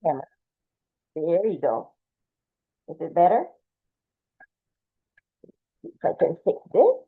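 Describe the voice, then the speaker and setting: A woman's voice: fairly low pitch, huge pitch swings, slow pace, husky. Woman art teacher, walks through the drawing step by step, thin phone-like sound. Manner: patient, explains step by step, talks while drawing. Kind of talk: drawing lesson, demonstrating. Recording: tinny phone-like audio.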